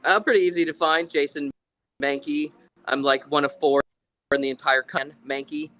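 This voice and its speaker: A man's voice: on the high side, fairly even intonation, normal speed, pushed and bright, low-quality recording. A man chatting casually as a guest over a phone, easygoing and rambling. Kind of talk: casual chat.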